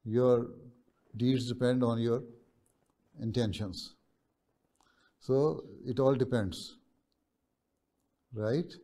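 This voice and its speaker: In a video call with students, a man acting as a religious leader answers their questions deliberately, pausing often and asking "right?" along the way. His medium-pitched voice is steady and dark in tone.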